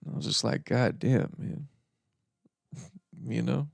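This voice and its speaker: Gravelly, laid-back podcast host. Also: male voice, mid-range voice, fairly even intonation, unhurried, no echo, studio quality. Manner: laid-back rambling with frequent laughs and "you know". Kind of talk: casual storytelling monologue.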